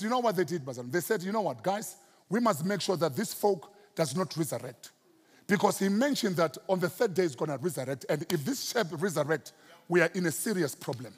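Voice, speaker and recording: A South African man preaching a sermon as pastor, swinging his pitch and stretching out key words for emphasis. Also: slightly rough, in a large hall.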